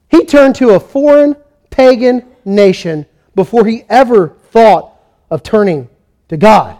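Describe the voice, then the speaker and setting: A man with a high-pitched voice preaching a sermon. He tells the story in an animated way and voices the kings and prophets he quotes. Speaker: pastor.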